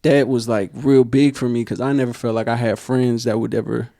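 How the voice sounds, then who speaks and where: A man's voice: mid-range voice, steady tone, a little fast, creaky, dark tone, dry recording, studio quality. A young man, co-hosting a casual podcast and telling a heartfelt personal story full of slang and fillers. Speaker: podcast co-host.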